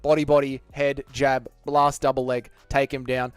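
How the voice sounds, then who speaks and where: A man's voice: mid-range voice, level tone, moderate pace, smooth, no room sound, faint music behind. An Australian man hosting a casual live stream, bantering and swearing as he reads out chat messages. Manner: profane, joking banter with chat.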